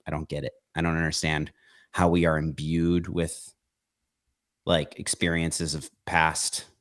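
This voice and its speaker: A young man in casual conversation, talking haltingly with many restarts and repeated words, earnest and at times emotionally heated. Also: a bass voice, level tone, a bit bright, dry recording, clean studio sound. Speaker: podcast guest.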